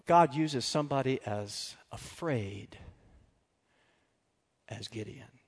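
A man preaching a sermon, telling stories with animated swings between loud and quiet. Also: medium pitch, slow, slightly rough. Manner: animated storytelling, drops to quiet confessional tones. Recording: long reverb of a large hall.

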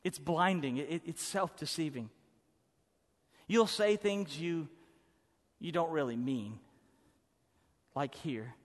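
A man preaching a sermon as pastor, emphatic and swinging from loud to hushed. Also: on the high side, lively intonation, slow pace, long pauses. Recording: preaching in a hall with long reverb.

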